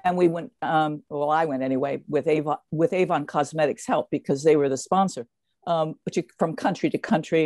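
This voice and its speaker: An older woman, a guest in an interview, telling stories in a lively way with many fillers and restarts. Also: low-pitched, no echo. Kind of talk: casual interview storytelling.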